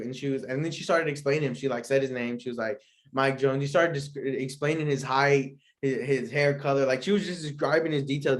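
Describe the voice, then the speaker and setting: A young man hosting his own podcast, telling a story in a rambling, slangy way with lots of fillers and frequent laughs. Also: medium pitch. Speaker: podcast host. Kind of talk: casual storytelling.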